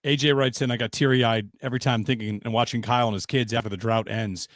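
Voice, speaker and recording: A man hosting a casual sports podcast, relaxed and reflective, reading out listener messages between his own thoughts. His voice sits at an ordinary mid pitch. The sound is dry and close to the mic. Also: fast talker, dry recording. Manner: relaxed, reflective, reads listener notes aloud.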